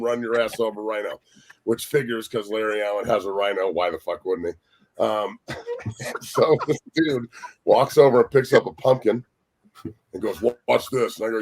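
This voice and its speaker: A man, a former pro football lineman, telling loud, profane stories as a guest on a sports talk show. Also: medium pitch. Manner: loud, profane, laughing storyteller. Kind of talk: casual storytelling.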